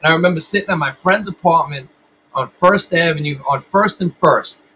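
A man's voice: a little high, moderate pace, pushed and bright, husky, poor audio. A middle-aged man and band musician, telling stories in a casual interview with lots of swearing and rambling restarts.

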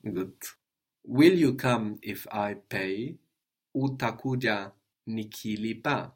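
A man teaching a language lesson, patiently prompting his student with questions and gently correcting answers. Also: on the low side, takes it slowly, husky.

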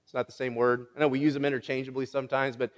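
A man's voice: mid-range voice, flat delivery, very fast. A man preaching a sermon as pastor, playfully teasing his congregation and often repeating words as he restarts a phrase. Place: church sanctuary. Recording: long hall reverb.

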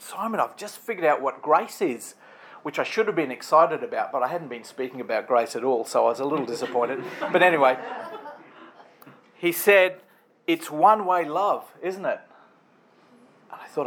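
A man's voice: mid-range voice, fairly bright tone, slight background noise. A man preaching a sermon in a conversational, storytelling way, building emphatic lists.

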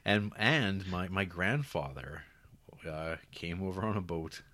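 A man's voice: low-pitched, a little slow, pushed and bright. A man hosting a podcast, chatting casually and rambling with a lot of stammered restarts. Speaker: podcast host. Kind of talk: casual chat, reading listener emails.

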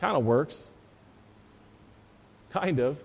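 High-voiced pastor preaching in a reverberant church. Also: male voice, expressive, very slow, gravelly, darkish tone, breathy edge. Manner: storytelling, conversational preaching. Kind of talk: sermon.

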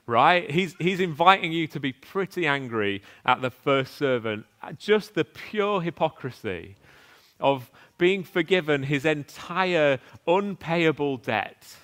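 Clear-voiced man preaching earnestly. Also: mid-range voice, fairly bright tone. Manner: earnest, conversational preaching with restarts and rhetorical questions. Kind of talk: sermon.

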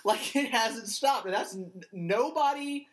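A man's voice: very high-pitched, unhurried. A man from Georgia co-hosting a casual podcast chat, telling stories with frequent laughs and swearing. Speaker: podcast co-host.

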